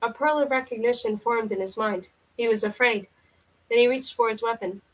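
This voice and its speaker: A woman's voice: a little high, moderate pace, low-quality recording. Woman reading a novel aloud. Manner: steady first-person narration with occasional slips. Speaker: audiobook reader.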